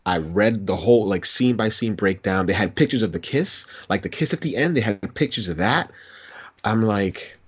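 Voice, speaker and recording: A man's voice: fairly low pitch, animated, normal speed, slightly rough. A man co-hosting a podcast in casual chat, a chatty storyteller who corrects himself as he goes. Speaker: podcast co-host. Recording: dull lo-fi podcast recording.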